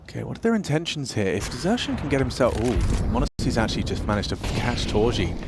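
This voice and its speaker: A man calling a live esports match, energetic and quick to shout at big plays. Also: mid-range voice, heavy background noise. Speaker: esports play-by-play caster. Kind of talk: excited live game commentary. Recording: loud in-game gunfire behind. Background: loud gunfire and clicks from the match.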